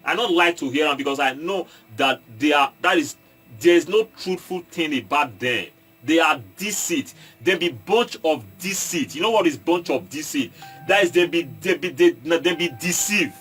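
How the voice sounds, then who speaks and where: Nigerian guy w edo accent, kinda high voice, talks to his viewers, keeps restarting and checking they follow. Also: lively intonation, a bit bright, breathy edge, soft background music. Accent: Nigerian, Edo State. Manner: halting, repeats and restarts, mixes in Pidgin, asks viewers if they follow. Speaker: online commentator and entertainer. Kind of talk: casual monologue to viewers.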